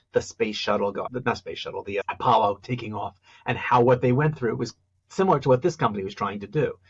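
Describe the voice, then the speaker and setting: A man of middle pitch with a husky, slightly rough voice, talking as a public speaking coach in a podcast interview. He explains with animation and keeps acting out example phrases to show where the stress falls. The audio sounds dull and lo-fi.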